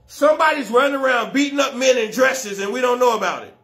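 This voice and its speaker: A man doing stand-up comedy, telling a story loudly and with lots of slang and swearing, often laughing at his own jokes. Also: very high voice, fast talker. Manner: profane and slangy.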